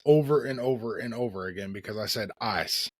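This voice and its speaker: A man's voice: on the low side, fairly quick, no room sound. Laughing Texas-country-accented man. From South Texas. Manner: laughs often, loose and joking. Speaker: podcast co-host. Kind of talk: casual chat.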